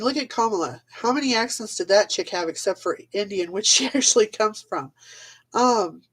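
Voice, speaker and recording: A woman ranting on a live video in a blunt, casual way, swearing freely, laughing often and trailing off mid-thought. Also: mid-range voice.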